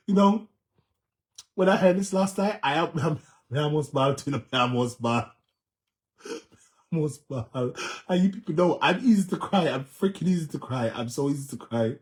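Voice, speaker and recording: A man's voice: fairly high pitch, normal speed. A Jamaican man hosting a vlog, giving emphatic reaction commentary, repeating himself and often laughing. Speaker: vlog host.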